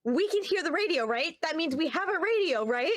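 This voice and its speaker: High, lively woman playing a tabletop game. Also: no echo. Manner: excited, rambling, quick to laugh. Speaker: player. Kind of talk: casual tabletop game chat.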